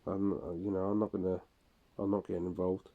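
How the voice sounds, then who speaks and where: A man's voice: low voice, monotone, brisk, narrow, tinny audio. A man speaking a casual monologue for his audio log, rambling, profane and weary.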